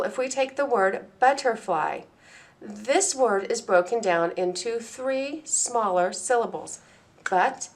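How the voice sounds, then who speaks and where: A woman presenting a training lesson for teachers, speaking clearly and deliberately and slowing down to model words and sounds. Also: fairly high pitch. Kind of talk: instructional presentation.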